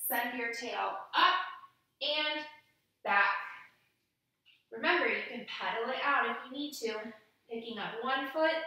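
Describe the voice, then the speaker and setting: A woman leads children's yoga in a slow, unhurried voice, bright and a little high. Her cues are gentle and playful. The room sounds very echoey, and she stands back from the mic. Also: distant mic. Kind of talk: guided kids' yoga lesson.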